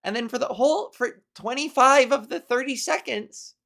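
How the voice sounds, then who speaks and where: A woman's voice: sits high, moderate pace, vocal fry, fairly bright tone. A young woman comedian hosting her own podcast, rambling through a giggly solo monologue. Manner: rambling, giggly, breaks into silly voices.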